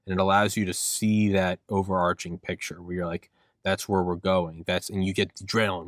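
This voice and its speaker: Deep-voiced man ranting on a podcast. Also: steady tone, fast, a bit bright, no room sound, clean studio sound. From United States. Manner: rambling, profane, acts out his own inner voice. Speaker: podcast host. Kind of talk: solo podcast rant.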